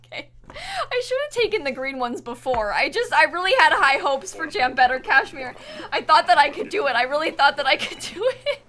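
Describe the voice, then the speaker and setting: A woman live-streamer chatting to herself as she plays. Her voice sits high and sounds bright and sharp. She comes across as exasperated, laughing often, with soft music underneath. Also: very animated, moderate pace, pauses often. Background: faint background music.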